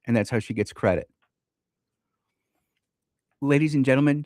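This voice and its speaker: A man's voice: medium pitch, normal speed, a little mellow, no echo, studio quality. A man in his fifties hosting a radio talk show, talking in a fired-up, preachy way and speaking straight to his listeners. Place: radio studio.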